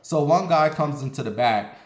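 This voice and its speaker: A man from Ohio telling a casual story in an animated, profane, dramatic way. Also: a little high, normal speed. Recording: roomy echo.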